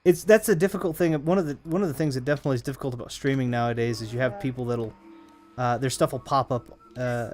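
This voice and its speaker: A man's voice: medium pitch, a little mellow. A man casually chatting to viewers while he plays a video game, rambling and humming between remarks. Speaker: streamer playing a video game. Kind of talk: casual live-stream commentary.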